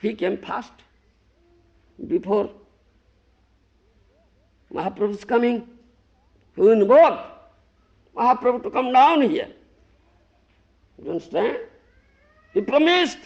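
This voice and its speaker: Gravelly man lecturing on dull old tape. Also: lively intonation, takes it slowly, long pauses. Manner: emphatic, swings from loud scolding to low murmur, repeats "You understand?". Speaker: guru giving a scripture lecture. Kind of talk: sermon.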